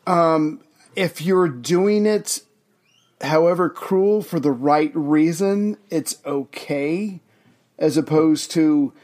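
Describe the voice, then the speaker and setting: A man's voice: fairly high pitch, slow, darkish tone. A man co-hosting a podcast in casual chat, easygoing and agreeable. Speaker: podcast co-host.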